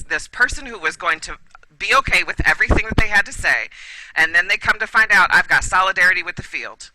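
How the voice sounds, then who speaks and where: A woman's voice: fairly low pitch, bright, forceful tone, a little hiss or hum, poor audio. A woman talking as a guest expert in a casual podcast conversation, emphatic and often checking in with "right?". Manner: emphatic, repeats "right?" for agreement. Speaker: guest expert, school administrator.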